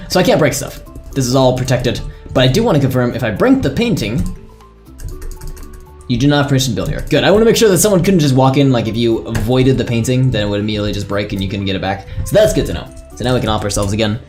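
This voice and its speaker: Lively, chatty male streamer. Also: medium pitch. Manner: chatty, laughs often, thinks aloud. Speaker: streamer and server admin. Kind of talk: casual live-stream chat.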